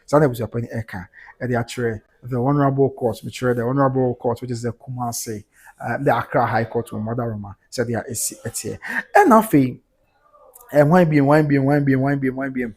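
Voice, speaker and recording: A Ghanaian man with a husky, breathy voice hosts a casual livestream. He reads viewer comments aloud one after another and reacts to each, switching between Twi and English. His pitch sits in an ordinary middle range. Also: fairly even intonation, quick pace, darkish tone. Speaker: livestream host reading comments.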